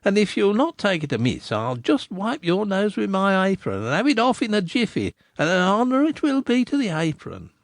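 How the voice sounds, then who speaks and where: A man voicing a gossipy village innkeeper who flatters and teases in a rustic dialect. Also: high-pitched, moderate pace, hardly any pauses, no echo, studio quality, voice pushed up, exaggerated voice. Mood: flattering. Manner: smooth, teasing flattery.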